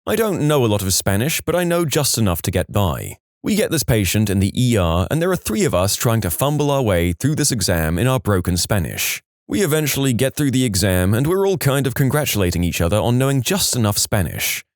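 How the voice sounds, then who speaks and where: A man's voice: mid-range voice, sing-song, a little fast, hardly any pauses, no room sound, clean studio sound. A man narrating submitted stories in a scripted storytime style, wry, with joking asides between stories.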